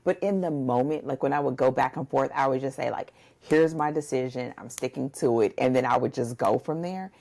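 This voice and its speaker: A woman's voice: very deep voice, a little fast, creaky, few pauses, darkish tone. A woman co-hosting a book podcast, chatting casually, rambling and saying "y'all" and "listen" a lot. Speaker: podcast co-host, book coach and editor. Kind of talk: casual chat.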